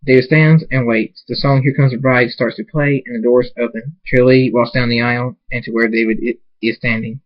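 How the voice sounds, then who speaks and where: Man reading fan fiction, halting. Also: medium pitch, flat delivery, highs cut off. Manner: halting, with repeated restarts. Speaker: reader.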